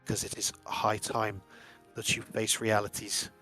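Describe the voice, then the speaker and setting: A man voicing a big, stern Nordic warrior in a tabletop game, speaking in a measured, formal, grave way. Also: on the low side, completely flat delivery, bright, forceful tone, faint music behind.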